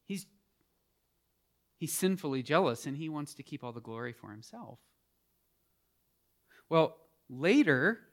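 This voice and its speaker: A man preaching a sermon as a pastor, animated and emphatic, asking the congregation questions and calling for responses. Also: fairly high pitch. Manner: animated, rising to emphatic peaks.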